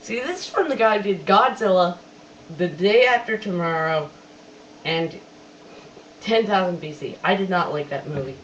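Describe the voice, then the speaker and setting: A casual webcam movie reviewer who talks chattily, keeps repeating that he has to admit things, and quotes lines with animated emphasis. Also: mid-range voice. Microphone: webcam microphone. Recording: distant dull webcam audio, faint hiss.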